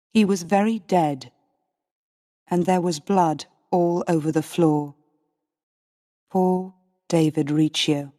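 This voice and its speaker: A woman narrating a storybook in a slow, careful reading for English learners. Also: fairly low pitch, mellow. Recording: long reverb.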